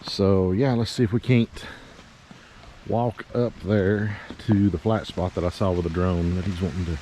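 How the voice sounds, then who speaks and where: A low-voiced man talks his way across a riverside property, winded from the climb and padding his talk with ums and uhs. His tone is mellow and soft-edged. Faint ambient noise from the outdoors sits behind him. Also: fairly even intonation, a little slow. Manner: rambling, with many fillers. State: out of breath. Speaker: realtor touring land. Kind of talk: casual walking property tour.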